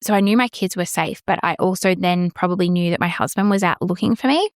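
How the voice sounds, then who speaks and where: A woman's voice: fairly low pitch, fast, no room sound, clean studio sound. A woman, hosting a podcast and frankly telling a personal story, swearing freely and acting out the exchanges she remembers. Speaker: podcast host.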